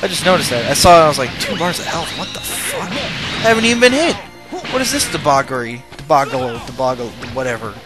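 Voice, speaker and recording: A man giving casual, rambling gameplay commentary, excitable and swearing while he plays. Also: fairly high pitch, brisk. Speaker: let's play host. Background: loud game music.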